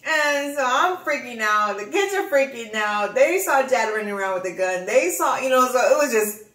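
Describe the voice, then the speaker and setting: A woman from Texas in her forties, co-hosting a family channel and telling a ghost story in casual chat, animated and repeating herself. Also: on the high side, moderate pace. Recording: echoey room.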